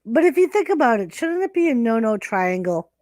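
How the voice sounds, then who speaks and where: A woman's voice: fairly high pitch, sing-song, a little fast, darkish tone, dry recording. A woman hosting a casual livestream chat, crude and teasing, laughing often. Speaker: livestream host.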